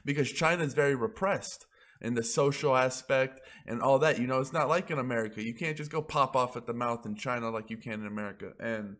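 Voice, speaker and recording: A man's voice: medium pitch, a bit bright. A man blogging about crypto in a casual ranting monologue, heated and profane, rambling as he goes.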